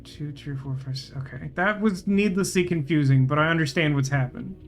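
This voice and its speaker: Gamer host, male, raised pitch, thinks out loud, wry asides, light music underneath. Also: fairly quick. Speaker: gaming channel host. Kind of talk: let's play commentary.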